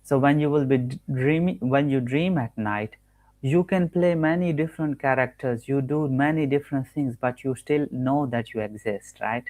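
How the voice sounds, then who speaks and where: A man's voice: medium pitch, normal speed, a little mellow. A man coaching listeners on manifestation in an earnest, repetitive talk from home, often restarting and correcting his words mid-sentence. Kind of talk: spoken teaching monologue.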